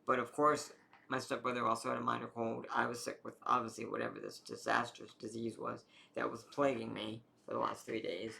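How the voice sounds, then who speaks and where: A young adult man tells a long personal health story in a casual, rambling, animated way, full of fillers. His creaky, mid-range voice moves a little fast.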